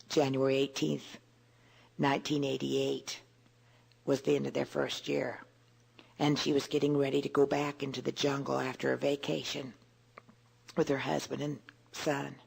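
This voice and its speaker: An older woman giving an earnest, gentle devotional talk to women, often repeating words as she searches for the next one. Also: sits low, gravelly, husky. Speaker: women's Bible teacher.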